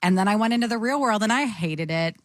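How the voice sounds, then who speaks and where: A woman co-hosting a radio show, speaking earnestly and warmly on air. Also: medium pitch, animated, quick pace, no room sound. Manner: warm, earnest, giggly. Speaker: radio co-host. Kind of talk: heartfelt on-air tribute. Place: radio studio. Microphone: studio microphone.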